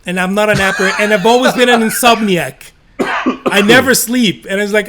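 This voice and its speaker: A man's voice: sits high, normal speed, a bit bright, a little hiss or hum. A man in his forties hosting an interview, asking questions in an enthusiastic, chatty way over a video call. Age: 40s. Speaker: interviewer, host.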